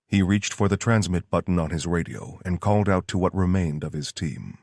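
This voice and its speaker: A man reading an audiobook in steady, scripted narration. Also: low voice, brisk, no echo, clean studio sound.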